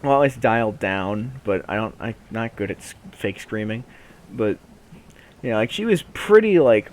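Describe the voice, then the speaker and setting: A young man casually telling a funny story on a podcast, in an animated way with lots of laughing and fillers. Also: on the low side, unhurried. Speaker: podcast co-host.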